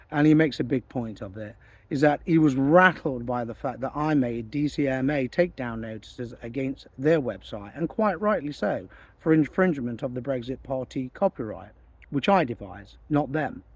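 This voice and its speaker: A man's voice: mid-range voice, darkish tone, breathy edge, no echo. A man making an indignant, insistent statement as a political campaigner, repeating himself for emphasis. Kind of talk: recorded monologue statement.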